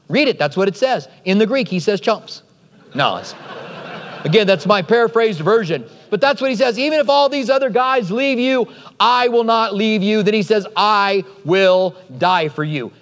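A man preaching a sermon in a lively, conversational way, with joking asides. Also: high voice. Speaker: pastor. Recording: long hall reverb.

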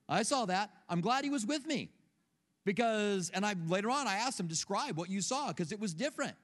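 A man's voice: high-pitched, in a large hall. A middle-aged male pastor preaching a sermon, telling stories conversationally and asking rhetorical questions. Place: church sanctuary.

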